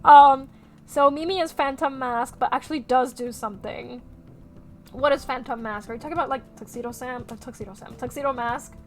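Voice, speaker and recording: A woman streaming as she draws, chatting casually with her viewers, animated and quick to swear. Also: high-pitched. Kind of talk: casual chat while drawing on stream.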